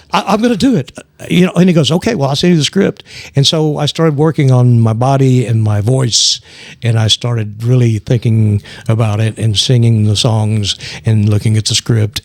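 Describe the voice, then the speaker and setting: A man with a Texan accent recounts a story as an interview guest. His pitch sits in an ordinary middle range, and the sound is dry and close with no room around it. He talks animatedly, slipping into quoted voices and tripping over restarts. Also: no room sound. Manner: frequent restarts and stammers. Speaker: guest actor. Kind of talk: casual storytelling.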